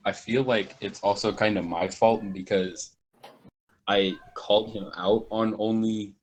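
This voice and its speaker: A man's voice: on the low side, steady tone, unhurried, slight background noise, low-quality recording. A young man in casual gaming chat on a podcast, teasing and jokey.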